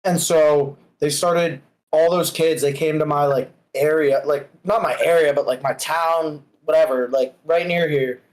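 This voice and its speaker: A man's voice: a little high, fairly even intonation, unhurried, few pauses, rough recording. A young man, a guest on a live stream, telling a story in rambling, profane casual chat. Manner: rambling, profane, laid-back.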